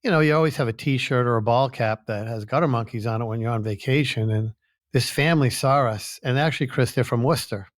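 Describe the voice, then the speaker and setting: A man's voice: mid-range voice, a little fast, no echo, clean studio sound. Chatty New man telling stories. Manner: chatty, anecdotal, easygoing. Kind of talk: casual storytelling chat.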